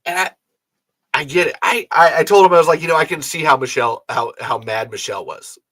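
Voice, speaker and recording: A man's voice: fairly high pitch, a little fast, bright, forceful tone, no echo. A man hosting a fan podcast, talking casually and rambling, frustrated and swearing often. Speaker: podcast host.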